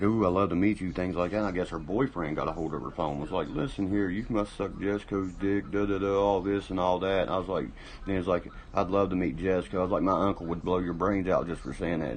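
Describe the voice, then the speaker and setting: A man's voice: deep voice, a little hiss or hum, poor audio. A man hosting a casual livestream, rambling and boastful, swearing often while he drinks. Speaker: livestream host.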